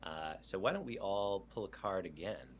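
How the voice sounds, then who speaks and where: A man's voice: deep voice, lively intonation, normal speed, slight background noise. A man running a tabletop game over a video call, reading prompts aloud in an easygoing way. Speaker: game master.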